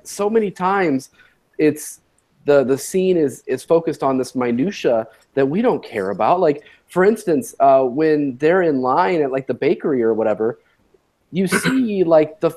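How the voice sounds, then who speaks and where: A man's voice: on the high side, mellow. A man hosting a casual podcast, leading the talk and passing it around. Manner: leads the talk, hands off to others. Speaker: podcast host. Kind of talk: casual chat.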